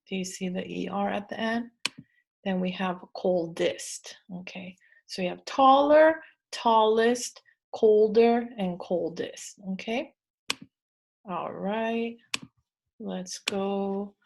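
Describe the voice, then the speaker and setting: A woman's voice: medium pitch, vocal fry, background noise. A woman teacher giving a spelling lesson to young children, patient, repeating words and checking in with "okay" again and again.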